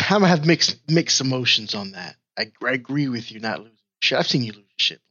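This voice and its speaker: A man from New York, a podcast guest, giving frank, measured opinions and swearing casually. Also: medium pitch, expressive, pushed and bright. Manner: measured, frank, agreeing with profanity. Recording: dull lo-fi sound.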